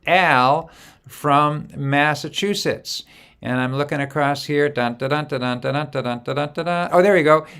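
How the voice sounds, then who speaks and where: Smooth-voiced man hosting a live singalong. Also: mid-range voice, fairly bright tone. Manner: chatty, greets viewers by name with frequent hesitations. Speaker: host. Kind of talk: casual livestream greeting.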